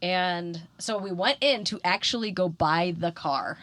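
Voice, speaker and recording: A woman co-hosts a podcast, telling a story in casual chat and acting out the voices of the people she quotes with animation. Her voice is on the low side and unhurried, with no echo.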